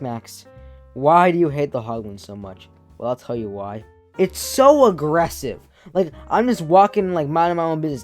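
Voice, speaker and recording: A man giving casual video-game commentary in an animated, exaggerated complaining manner. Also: medium pitch. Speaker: gaming YouTuber.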